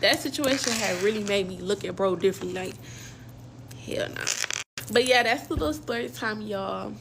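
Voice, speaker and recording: A woman's voice: medium pitch, normal speed, gravelly, background noise. A young woman casually telling a personal story in slang, acting out quoted dialogue as she goes. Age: young adult.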